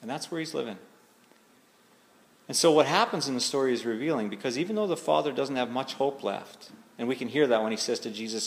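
Gravelly-voiced man preaching in an echoey hall. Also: mid-range voice. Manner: conversational and searching, slows down for emphasis. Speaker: pastor. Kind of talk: sermon. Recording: echoey hall with faint ambience.

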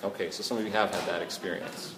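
A man's voice: low-pitched, steady tone, fast, a crowd in the background. A Canadian man preaching a sermon in a conversational way, often checking in with the listeners. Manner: conversational, asks "right?" often. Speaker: pastor. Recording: echoey room, faint ambience.

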